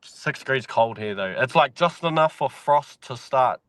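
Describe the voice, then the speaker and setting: A man's voice: mid-range voice, animated, moderate pace, fairly bright tone, no room sound. A man from New Zealand with a New Zealand accent, chatting casually as a podcast guest, laid-back and swearing freely. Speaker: podcast guest, mine worker. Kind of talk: casual chat.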